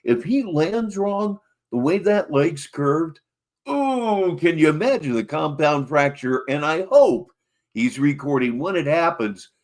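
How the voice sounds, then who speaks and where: A man hosting a live stream and giving mocking, animated running commentary on clips. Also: a little high, measured pace.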